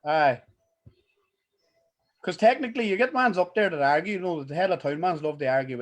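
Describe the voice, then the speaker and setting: A young Northern Irish man talks in loose, sweary podcast banter. He rambles and restarts his sentences mid-thought, laughing along as he goes. His voice sits a touch higher than most men's. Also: very animated, normal speed, pauses often. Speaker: podcast co-host. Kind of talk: casual chat.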